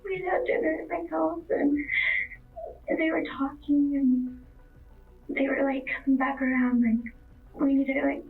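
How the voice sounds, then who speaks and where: A woman's voice: high voice, fairly even intonation, unhurried, long pauses, soft background music. A young woman in her twenties, a witness in a police interview, talking in a hesitant, rambling way full of fillers. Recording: distant, tinny phone-like interview recording.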